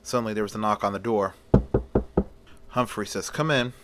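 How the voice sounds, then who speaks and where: A man narrating a homemade story in a loose, casual way, with fillers along the way. His voice sits fairly low for a man. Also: little pitch movement, moderate pace, very noisy.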